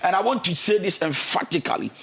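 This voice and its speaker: A man's voice: high-pitched, lively intonation, fast, vocal fry. A man with a Ghanaian accent giving marriage counselling advice in a preachy, emphatic way, mixing English with Twi. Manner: preachy, mixes English with Twi, emphatic, shouts and sings phrases. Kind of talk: radio counselling talk.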